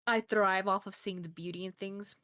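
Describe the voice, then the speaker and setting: A woman's voice: mid-range voice, fairly even intonation, moderate pace, a bit bright. Giggly rambling woman streamer. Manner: giggly, rambling, lots of fillers. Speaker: streamer guest. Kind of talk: casual interview chat.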